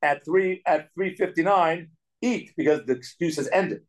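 A man teaching a casual Torah study class as a rabbi, animated and acting out the quotes he explains. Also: a little high, poor audio. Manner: animated, acts out quotes, talks in quick bursts.

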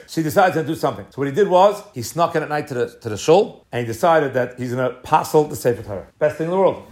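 Fast-talking rabbi telling a tale. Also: male voice, on the high side. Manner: lively storyteller, sprinkles Hebrew and Yiddish terms. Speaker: rabbi teaching a class. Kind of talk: Torah class storytelling.

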